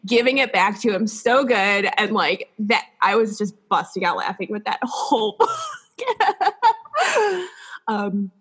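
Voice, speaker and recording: A woman's voice: mid-range voice, sing-song, takes it slowly, fairly bright tone, husky. A woman guest on a book podcast, talking casually and enthusiastically with frequent laughs. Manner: enthusiastic, laughs often, many fillers. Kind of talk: casual chat.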